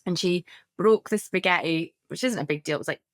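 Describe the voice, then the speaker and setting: Mum, 30s, chatty podcast co-host, animated storyteller, dry sound. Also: female voice, fairly low pitch, a little fast, no echo. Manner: animated storyteller, laughs often. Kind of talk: casual storytelling chat.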